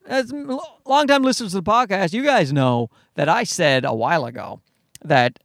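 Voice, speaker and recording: A man's voice: high-pitched, normal speed, fairly bright tone, dry recording, studio quality. A middle-aged man hosting a podcast, talking off the cuff in a rambling way, with tangents, fillers and casual swearing. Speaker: podcast host. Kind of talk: casual solo podcast monologue.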